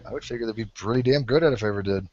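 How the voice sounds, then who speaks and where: A man talking casually in a group voice chat, animated and joking. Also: fairly low pitch, very fast. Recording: dull lo-fi online voice chat.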